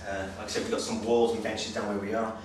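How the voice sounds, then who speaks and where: A slightly breathless male personal trainer demonstrating exercises, giving brisk, direct coaching with frequent check-ins. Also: on the low side, little pitch movement. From Wales. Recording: very echoey, distant, noisy room sound.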